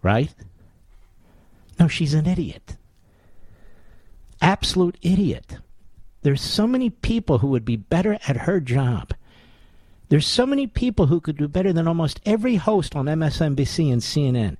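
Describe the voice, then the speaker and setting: A man's voice: fairly high pitch, sing-song, a little fast, darkish tone, no echo. A man hosting a talk radio show, delivering a sarcastic, combative monologue full of scornful rhetorical questions and asides to his producer. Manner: addresses his producer on air.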